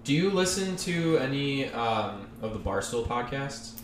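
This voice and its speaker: A man co-hosting a casual chat, halting and restarting his sentences and laughing. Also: mid-range voice, big pitch swings. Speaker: podcast co-host. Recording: echoey room with faint hum.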